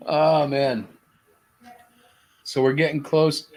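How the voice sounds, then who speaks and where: A man's voice: on the high side, a bit bright. A man hosting a live stream, chatting casually over a video call and chuckling often. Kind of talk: casual chat.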